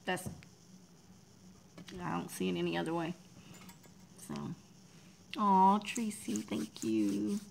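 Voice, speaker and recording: Lady in her 40s on a livestream, low gravelly voice, soft and emotional, faint hiss behind. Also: big pitch swings, slow, long pauses, poor audio. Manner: emotional, talks softly, drops to near whispers; reads out and thanks viewers in chat. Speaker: livestream host. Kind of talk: casual livestream chat.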